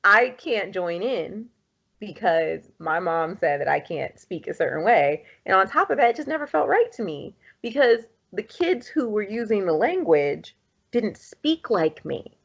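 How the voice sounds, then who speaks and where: Podcast co-host, woman, 30s, lively storyteller who laughs a lot; mid-range voice, lo-fi sound. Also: medium pitch, a little slow, creaky, breathy edge. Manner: animated storytelling, laughs often, acts out quotes. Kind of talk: casual chat.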